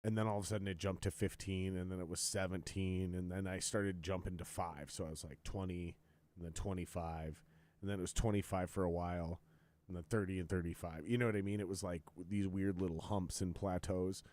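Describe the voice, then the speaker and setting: Low-voiced, swearing podcast host. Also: male voice, level tone, fairly quick, darkish tone. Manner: profane, ranting storyteller, quotes others in raised voice. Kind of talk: casual chat.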